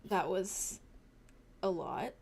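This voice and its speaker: A woman voicing a guarded, terse man in a tabletop game, speaking quietly and in short clipped phrases. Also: very animated, normal speed, full character voice. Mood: subdued. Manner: quiet, low, clipped delivery. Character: guarded, terse man, a gang leader's ally.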